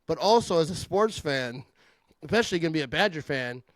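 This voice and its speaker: Middle-aged guy, kinda high voice, trash-talking sports, animated, dry close mic. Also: fairly quick, no echo. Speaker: podcast host. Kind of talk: casual sports chat.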